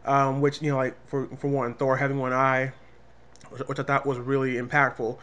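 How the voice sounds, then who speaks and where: A man co-hosting a casual comic review show, talking animatedly and dropping into quick voices when he quotes characters. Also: medium pitch, level tone, fairly bright tone. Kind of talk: casual movie review chat.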